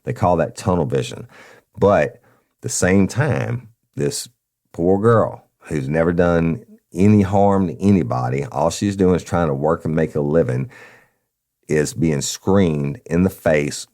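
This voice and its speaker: A man's voice: deep voice, expressive, measured pace, darkish tone. A man hosting a true crime podcast, telling the story bluntly and profanely in a folksy way. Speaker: podcast host.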